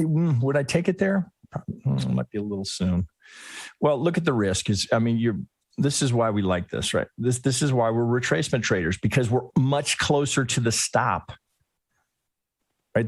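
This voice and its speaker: A man's voice: mid-range voice, breathy edge, dry recording. A man teaching a trading lesson while he analyzes a chart live. He thinks aloud in a casual way, restarts his sentences often and keeps asking "right?". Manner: casual, occasionally swears. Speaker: trading educator.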